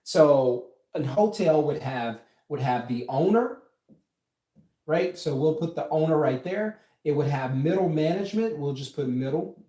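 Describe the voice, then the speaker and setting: Man, motivational business coach, emphatic, rhetorical questions, slightly high voice, echoey room. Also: a little slow, mellow. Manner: emphatic, asks rhetorical questions and says "right?". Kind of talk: motivational talk to camera.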